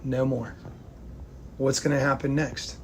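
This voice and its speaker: A man from the United States delivering an angry, profane rant to camera, swinging between loud outbursts and hushed, near-whispered lines. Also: mid-range voice, little pitch movement, a little slow, noisy background. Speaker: vlogger.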